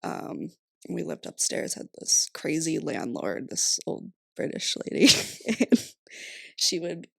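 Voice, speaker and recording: This young Rhode Island woman in her twenties is a guest on a podcast, chatting casually in a low, sing-song, creaky voice at a slow pace. She laughs often and says "like" a lot, with background noise in the recording.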